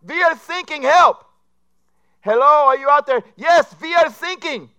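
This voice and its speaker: A man's voice: very high-pitched, a little slow, pitched above the performer's own voice, full character voice. A man putting on the voice of a panicking sailor calling for help over the radio as his ship sinks. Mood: panicked. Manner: shouting frantically.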